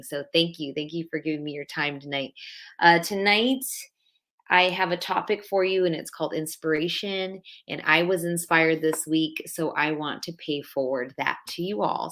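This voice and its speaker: Woman, thirties, low-pitched, livestream host, chatty, heartfelt. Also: fairly bright tone. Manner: chatty, heartfelt, greets viewers by name. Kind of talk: casual live-stream chat.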